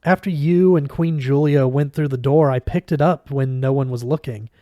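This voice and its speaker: A shy, earnest young male apprentice, read by a man. He is apologetic at first, then shouts his battle cries. The tone is mellow and the sound is close and dry. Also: mid-range voice, moderate pace, no room sound, dull audio, lightly acted.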